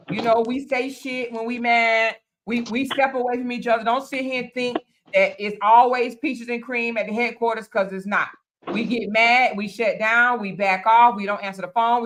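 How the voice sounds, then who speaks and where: A woman's voice: fairly high pitch, steady tone, normal speed, a bit bright, a little hiss or hum. A woman hosting a casual group chat, talking bluntly, cursing freely and repeating phrases for emphasis. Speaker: panel host.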